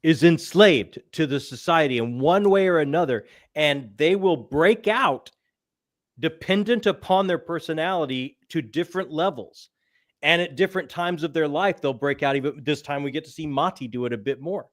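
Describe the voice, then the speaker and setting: Man host, earnest, stops and starts. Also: fairly high pitch. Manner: earnest, halting, many restarts. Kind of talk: casual book discussion.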